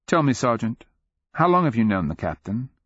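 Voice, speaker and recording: A man's voice: medium pitch, very animated, moderate pace, a bit bright, husky, no room sound, highs cut off. A man voicing a curious young woman who presses with questions. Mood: probing.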